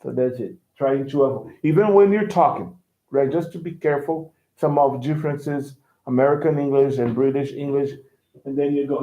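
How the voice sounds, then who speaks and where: A man whose first language is Portuguese, teaching English in a casual, animated way, often repeating words and acting out quotes. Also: medium pitch, moderate pace. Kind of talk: casual lesson commentary. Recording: echoey, phone-like sound.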